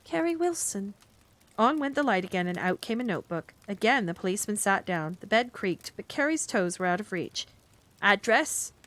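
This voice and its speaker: Woman streamer, mid-pitched, gentle cozy bedtime narration. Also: brisk, few pauses, no room sound. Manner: gentle, calm storytelling with asides to chat. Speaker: streamer reading a book aloud. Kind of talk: cozy bedtime read-aloud.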